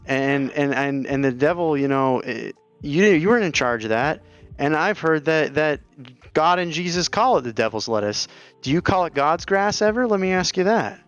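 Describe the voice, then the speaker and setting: A man co-hosting an improvised comedy stream, stammering and excitable. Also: on the high side, normal speed, muffled recording, soft background music.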